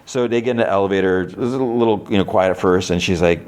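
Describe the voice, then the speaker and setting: Deep-voiced man recapping a show. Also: quick pace, a little mellow. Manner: loose retelling with frequent "like" and restarts, lightly mimicking characters' lines. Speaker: podcast host recapping TV episodes. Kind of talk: casual episode recap.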